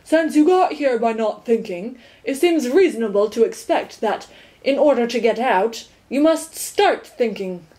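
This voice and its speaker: A woman's voice: high-pitched, big pitch swings, unhurried, dark tone, voice pushed up. Woman barking as a blustering storybook watchdog. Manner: barking, scolding outbursts. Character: impatient, blustering male watchdog with a clock body. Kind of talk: storybook reading.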